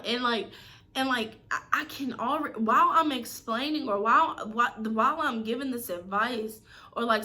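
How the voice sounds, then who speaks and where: A woman's voice: a little high, bright, forceful tone. A young woman vlogger venting to her camera, upset and emphatic, on the edge of tears, repeating herself in casual slangy speech.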